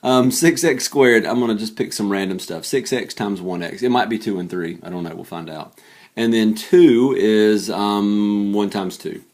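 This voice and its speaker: A man's voice: fairly low pitch, normal speed, darkish tone. A tired man talking casually and thinking aloud as he works through math problems late at night, joking about his own slips. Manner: chatty, thinks aloud while solving, self-deprecating. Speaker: math teacher. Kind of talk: casual worked-example math lesson.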